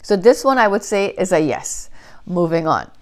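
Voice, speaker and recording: Female vlogger, slightly low voice, animated and gushing, casual storyteller. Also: moderate pace. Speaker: fragrance reviewer. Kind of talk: casual chat to camera. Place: Canada.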